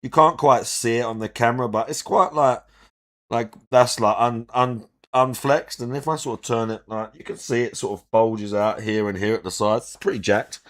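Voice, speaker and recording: A man's voice: medium pitch, steady tone, moderate pace, a bit bright. A man with a mid-range voice gives reaction commentary, pointing out details and explaining at length. He restarts and rambles as he picks things apart. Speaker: reaction host.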